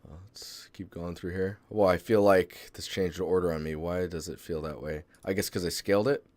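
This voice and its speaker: Hosting a casual live-stream critique, a man with a very low, deep voice reviews an art portfolio in a relaxed, rambling way, full of fillers and restarts. He talks at a moderate pace, and the recording is close and dry with almost no room sound.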